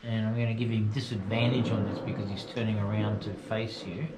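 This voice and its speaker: A man running a tabletop game as game master, unhurried and halting with fillers. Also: on the low side, flat delivery, reverberant, heavy background noise.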